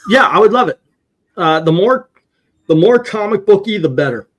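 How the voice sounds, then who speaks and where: Upbeat male host, slightly high voice, casual livestream panel chat, tallies scores aloud. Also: lively intonation, moderate pace. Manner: upbeat, tallying votes aloud.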